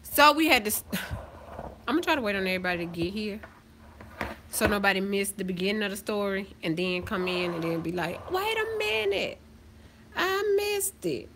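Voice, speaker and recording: A woman's voice: medium pitch, brisk, fairly bright tone, a little hiss or hum. A woman hosting a casual livestream from her phone, greeting viewers by name and chatting playfully. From Southern United States. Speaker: livestream host.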